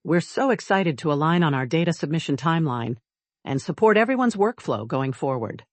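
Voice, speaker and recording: A determined young woman intern trades quick, pointed remarks in a spoken storybook, put on by the narrator. Her lines sit a little above the narrator's middle register. The recording is close and dry. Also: mid-range voice, lively intonation, no echo, lightly acted. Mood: exasperated.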